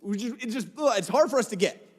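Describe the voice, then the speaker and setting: A man's voice: very high-pitched, animated, fast talker. A man preaching a sermon, reading scripture aloud and breaking off into jokey, casual asides. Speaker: pastor. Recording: long hall reverb.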